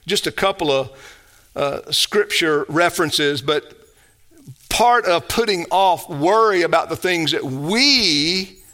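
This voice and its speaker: A male pastor preaching a sermon, emphatic, moving between loud exhortation and quiet storytelling. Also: a little high.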